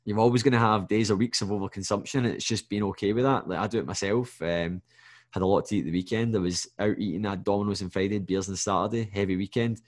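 A male fitness coach talks through his advice alone on a podcast, in a slightly low voice at a brisk clip. He rambles conversationally and keeps turning to the listener to ask if they follow, pushing them toward action. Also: steady tone. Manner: rambling and conversational, with frequent "do you know what I mean"; direct, motivational advice. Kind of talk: solo podcast monologue.

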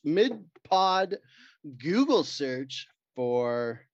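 This male podcast co-host draws out his words in a fairly high, sing-song voice with no echo. Crude and joking, he spins stories and does voices amid casual banter, recorded with a dry, dull lo-fi quality.

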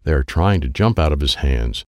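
Low creaky male storybook reader, lively pitch, dry close sound. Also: moderate pace, dry recording. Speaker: storybook narrator. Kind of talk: first-person children's story reading.

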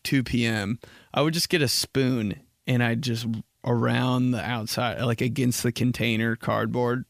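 A man's voice: mid-range voice, gravelly, dry recording, clean studio sound. A young man hosting a casual solo podcast, rambling and joking, saying like a lot. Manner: rambling, jokey, says like a lot. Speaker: podcast host.

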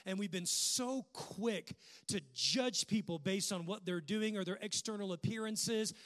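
A male pastor delivers a sermon in a notably high voice. He builds his points through rhythmic, repeated phrases that carry impassioned force. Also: measured pace, fairly bright tone.

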